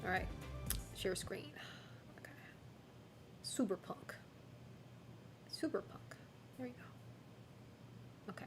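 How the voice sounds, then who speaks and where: A woman's voice: medium pitch, expressive, slow pace, long pauses, in a whisper, music in the background. A woman streaming live, chatting casually with her viewers, giggling often and swearing now and then. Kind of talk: casual livestream chat.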